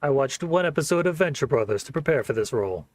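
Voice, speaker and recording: A man's voice: mid-range voice, lively intonation, fast, no echo. A man hosting a let's play, giving casual, wry commentary and laughing often.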